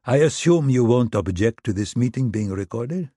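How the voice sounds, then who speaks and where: A man's voice: medium pitch, lively intonation, moderate pace, mellow, no echo, clean studio sound, natural voice. A man voicing a guarded, formal corporate attorney who probes dryly, in an audiobook.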